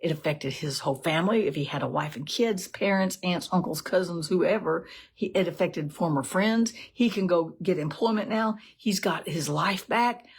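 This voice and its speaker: A woman giving a casual, animated devotional talk, asking lots of rhetorical questions. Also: fairly low pitch, normal speed, slightly rough. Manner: animated, conversational, laughs often, many rhetorical "right?". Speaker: devotional teacher.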